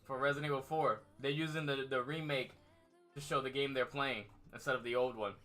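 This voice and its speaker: A man's voice: mid-range voice, fairly even intonation, a little fast, sharp tone, faint music behind. A man hosting a casual gaming chat stream, laid-back and laughing often, swearing freely. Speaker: streamer host.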